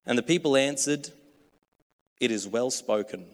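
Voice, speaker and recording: A man's voice: medium pitch, animated, measured pace, in a large hall. A man preaching a sermon in a casual, joking, chatty way.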